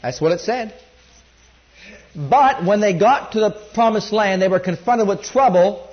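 A man preaching a sermon, rising loud on key points and dropping low when quoting scripture. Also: a little slow, dull audio.

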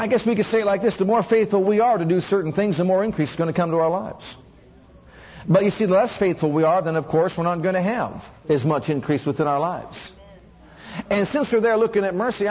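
A man's voice: high voice, husky, highs cut off. A man preaching a sermon who keeps asking the congregation questions and has them repeat lines back to him.

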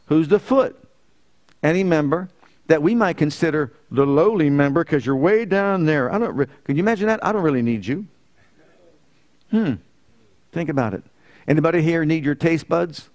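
A man preaching a sermon as pastor, telling a story with swings from loud emphasis to quiet. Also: a little high, animated, moderate pace. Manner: storytelling preacher, rising loud and emphatic then dropping soft. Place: church.

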